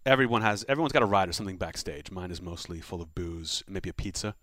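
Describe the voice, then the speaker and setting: A man with a lowish voice tells a story at a quick clip. He is a comedian guest in a casual chat and acts out other people's lines as he goes. The sound is close and dry. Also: no echo. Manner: animated anecdote teller, acts out quotes.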